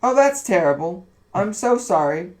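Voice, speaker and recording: Guy doing a worried bossy old lady, higher and urgent, storybook reading. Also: very animated, moderate pace. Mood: anxious. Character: older woman, anxious and bossy amateur sleuth.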